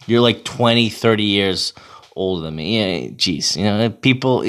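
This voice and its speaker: A man in his thirties telling a casual, profane, animated story about himself. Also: lowish voice, normal speed. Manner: profane, animated, self-mocking.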